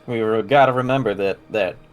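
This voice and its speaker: A man's voice: on the low side, a little fast, smooth, faint music behind. A man playing a tabletop game, casually thinking aloud about which way to go. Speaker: player.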